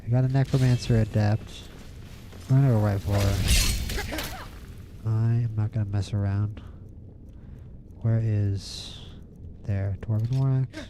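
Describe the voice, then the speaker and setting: A man's voice: on the low side, fairly even intonation, measured pace, pauses often, background noise. A man giving casual, rambling gameplay commentary as a streamer, playful and prone to repeating words in bursts. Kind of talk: casual let's-play commentary.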